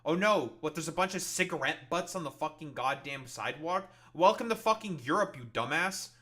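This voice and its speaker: A man's voice: a little high, animated, brisk, bright, forceful tone. A man hosting a casual reaction show, mocking a video in a profane rant. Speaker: podcast host reacting to videos.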